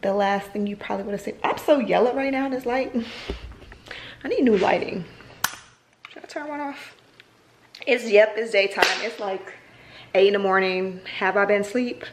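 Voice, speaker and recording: A woman's voice: medium pitch, moderate pace, long pauses, noisy background. A woman talking casually to camera at home in her vlog. She is sleepy, blunt and rambling, and she swears freely. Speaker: vlogger.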